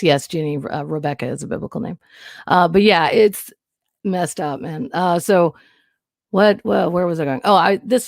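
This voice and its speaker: A woman's voice: deep voice, no room sound, studio quality. A woman hosting a casual livestream, talking candidly and rambling, nervous and emotional. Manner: rambling, candid, frequent restarts and swearing. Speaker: livestream host. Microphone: new studio mic.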